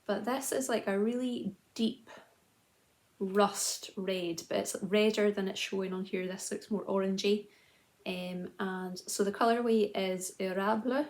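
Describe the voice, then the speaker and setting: Woman, 30s, knitting vlog host, casual and self-mocking, slight fry in the voice. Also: medium pitch, fairly even intonation, measured pace, a little mellow. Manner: chatty and self-deprecating, with frequent "um" and restarts. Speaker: knitting video journal host. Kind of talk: casual chat to camera.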